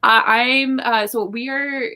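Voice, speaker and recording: A woman's voice: fairly high pitch, steady tone, takes it slowly, bright, forceful tone. A young woman from Canada with a Canadian accent, chatting casually as co-host, with lots of fillers. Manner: chatty, many fillers and likes. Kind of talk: casual chat.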